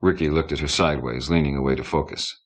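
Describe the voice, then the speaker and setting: A male narrator with a very low voice reads an audiobook aloud. He keeps a steady, measured pace and an even storybook delivery. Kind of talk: audiobook reading.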